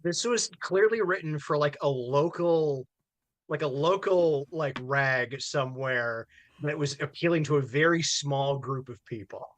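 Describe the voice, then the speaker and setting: A man's voice: on the high side, a little slow, a bit bright. A man co-hosting a casual podcast, teasing his friend and laughing easily. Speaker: podcast co-host. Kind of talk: casual chat.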